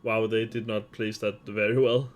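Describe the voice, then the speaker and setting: A man's voice: fairly low pitch, level tone, normal speed. Hesitant man streaming a game. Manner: hesitant, many filler sounds. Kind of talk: live-stream game commentary.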